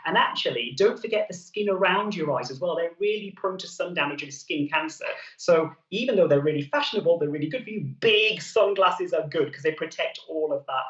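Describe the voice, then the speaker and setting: A man, a TV doctor, giving brisk, clear health advice on a morning show. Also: on the high side, animated, fairly bright tone, echoey room, distant mic, dull audio. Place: TV studio.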